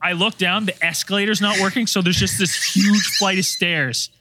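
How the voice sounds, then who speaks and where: A man co-hosting a podcast, telling an embarrassing story in an animated, dramatic way with acted-out panic. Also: high voice, moderate pace, few pauses, background noise. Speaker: podcast co-host. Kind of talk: comic storytelling among friends.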